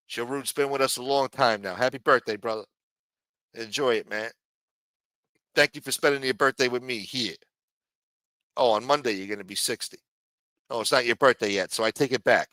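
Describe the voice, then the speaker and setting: A man rambles through a casual livestream, cursing freely and ending half his sentences with "man." His voice is bright and forceful, and the sound is close and dry. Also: mid-range voice, normal speed, pauses often, no room sound. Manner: rambling, profane, says "man" a lot. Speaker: livestream host.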